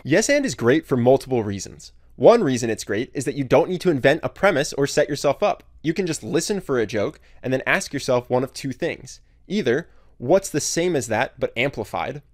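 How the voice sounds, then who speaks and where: A man giving a clear, scripted narration for an explainer video. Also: mid-range voice, sing-song, brisk, few pauses.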